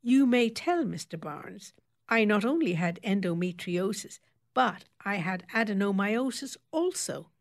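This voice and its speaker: A woman in her fifties reading aloud, voicing a sharp-tongued female beautician who speaks with pointed, tart politeness. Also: medium pitch, lively intonation, measured pace. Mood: tartly polite. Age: 50s.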